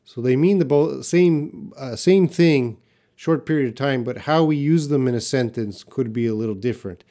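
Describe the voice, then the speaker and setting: A man's voice: mid-range voice, moderate pace, dark tone. A man teaching English in a live question-and-answer class, reading out viewer comments and explaining them patiently with short example sentences.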